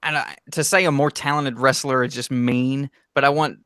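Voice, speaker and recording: A man in a casual podcast chat, talking with lots of starts and stops and bursts of enthusiasm. His voice sits at an ordinary middle pitch. The sound is dry and close, with no room around it. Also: normal speed, clean tone, no echo. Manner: animated, hesitant restarts. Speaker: podcast co-host.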